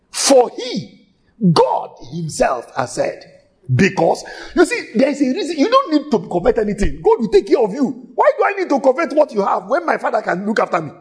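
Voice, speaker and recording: A male preacher with a high voice that rises and falls widely. He delivers his sermon emphatically and stretches out key phrases. He repeats each point several times for stress.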